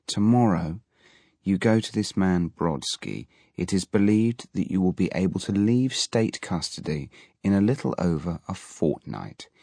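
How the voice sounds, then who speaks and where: A man's voice: low voice, lively intonation, unhurried, gravelly, warm tone, no room sound, studio quality, exaggerated voice. A man voicing a tired, weary male prison governor with a disdainful manner.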